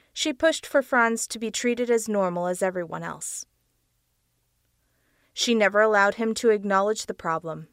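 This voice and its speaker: A woman reads a dark audiobook tale at an unhurried pace, with a gravelly texture in her voice. The sound is close and dry, with no room around it. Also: mid-range voice, dry recording. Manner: slow, measured reading. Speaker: audiobook narrator. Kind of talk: storybook narration.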